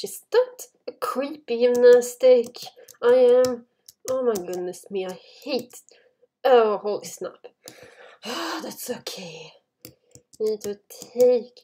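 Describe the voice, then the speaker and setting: A woman's voice: on the high side, slow, dark tone, slight background noise. Panicky, chatty woman gaming host. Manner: chatty, panicky, frequent yelps and screams. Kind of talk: casual game commentary.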